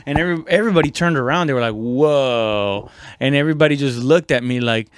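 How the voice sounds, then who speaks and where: A man's voice: fairly high pitch, very fast, smooth, dry recording, clean studio sound. A young man telling a comedy story from his army days, casually and profanely, with many restarts, fillers and sound effects.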